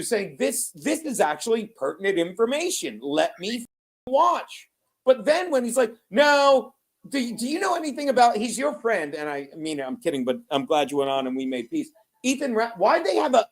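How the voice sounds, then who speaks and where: A man's voice: high-pitched, vocal fry. Male livestream host, heated ranter who swears, keeps apologizing for interrupting. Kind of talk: casual chat.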